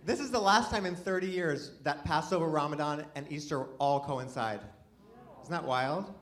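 A man performing a chatty, self-deprecating stand-up set in front of a live audience, often restarting his sentences and breaking into animated exclamations. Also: fairly high pitch, moderate pace. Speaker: stand-up comedian. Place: live comedy venue with an audience. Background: audience laughter.

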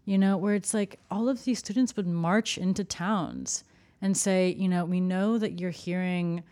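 Lower-pitched woman, chatty journalist. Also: fairly even intonation, measured pace, a little mellow. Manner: chatty, frequent "like" and "you know". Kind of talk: casual conversation.

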